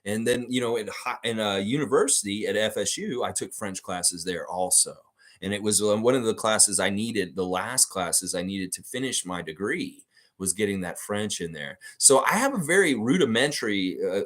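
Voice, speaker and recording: A man's voice: fairly low pitch, a bit bright. A man hosting a live sports fan show, talking in a casual, emphatic and blunt way with frequent cursing. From United States. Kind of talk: casual live stream commentary.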